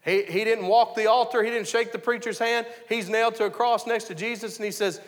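A man's voice: high voice, fairly even intonation, fairly quick, in a large hall. A man preaching a conversational sermon, telling his story earnestly and often restarting his sentences. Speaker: pastor.

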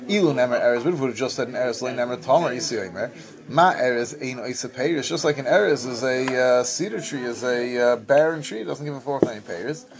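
A man giving a Talmud lesson, reading Aramaic passages and translating them in a sing-song study cadence with halting restarts. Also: medium pitch. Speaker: Talmud teacher.

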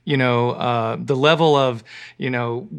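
Male host, mid-pitched, relaxed conversational reactions. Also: a little slow, clean tone. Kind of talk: casual chat.

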